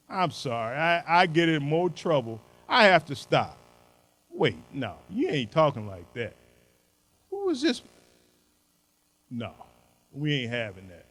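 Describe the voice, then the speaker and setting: An older man delivers a motivational keynote with a lively, swinging voice pitched slightly high. He talks in a folksy, emphatic way, hammering home short punchy maxims. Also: poor audio. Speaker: keynote speaker. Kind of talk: motivational speech.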